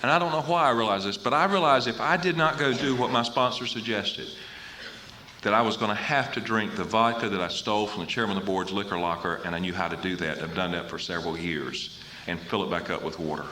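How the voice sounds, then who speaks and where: A middle-aged man from North Carolina giving a personal recovery talk at a convention podium, telling his story in an animated way and acting out what others said. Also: fairly low pitch, fast talker, slight background noise. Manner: animated storyteller who acts out quoted voices. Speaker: recovery meeting speaker.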